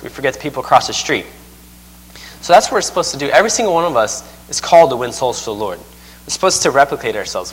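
A man in the middle of his voice range delivers a sermon as a visiting missionary, folksy and quick to chuckle at his own stories. His words ring out with a long reverb across a church sanctuary. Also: medium pitch, fairly bright tone, slightly rough. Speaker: missionary preaching.

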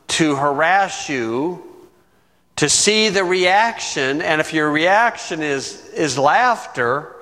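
A man preaching a sermon, teaching verse by verse in a conversational way, with chuckling asides and key words drawn out slowly. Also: fairly high pitch, a bit bright. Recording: long reverb from the room.

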